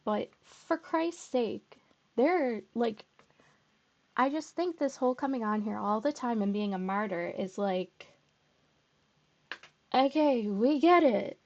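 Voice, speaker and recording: A commentary YouTuber with a somewhat high, slightly slow voice delivers blunt, sarcastic reactions and swears freely. The audio is dull and muffled, captured through headphones.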